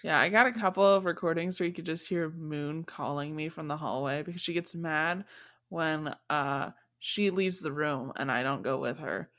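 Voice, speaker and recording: A woman hosting a podcast from home, chatting casually with plenty of fillers and lively stories about her cat. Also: low voice, moderate pace. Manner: chatty, filler-heavy, animated storytelling. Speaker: podcast host. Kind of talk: casual chat. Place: home, remote recording.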